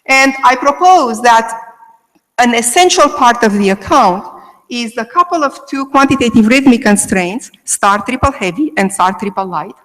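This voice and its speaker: A woman's voice: a little high, animated, normal speed, fairly bright tone, in a large hall, rough recording. A woman giving an academic lecture, explaining step by step and checking in with frequent "okay"s. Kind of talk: academic lecture on Greek meter. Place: lecture delivered to a remote audience.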